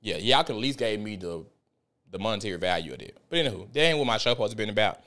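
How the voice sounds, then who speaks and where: Speaking quickly in a lowish, expressive, sharp voice, a man runs a podcast as a casual ranting monologue. He tells stories emphatically, heated and full of profanity.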